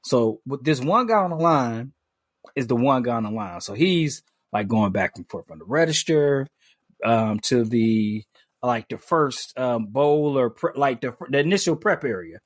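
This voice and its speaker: A man on a podcast, telling a story in casual chat, animated, full of fillers and restarts, swearing freely. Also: medium pitch, measured pace, no echo, clean studio sound. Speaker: podcast co-host.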